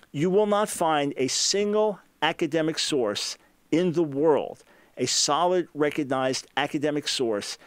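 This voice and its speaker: A man's voice: a little high, no echo. A man hosting a radio talk show, answering a listener's question with emphatic, scholarly explanation.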